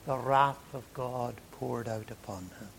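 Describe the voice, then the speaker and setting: A man preaching a sermon in a dramatic way, dropping to a hush and then rising loud. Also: medium pitch, unhurried, gravelly, a little hiss or hum. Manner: dramatic, swings from hushed to loud.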